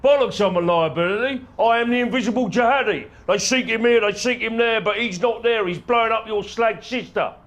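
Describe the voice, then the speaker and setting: A boastful, hot-headed jihadist. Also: male voice, high voice, fairly quick, few pauses. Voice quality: loud, swaggering, crude insults. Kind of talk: film comedy acting.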